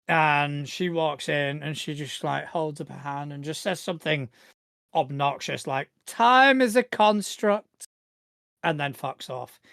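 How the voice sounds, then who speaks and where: Gravelly-voiced man running a tabletop game. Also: mid-range voice, no echo. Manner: relaxed, rambling description with frequent fillers. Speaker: game master.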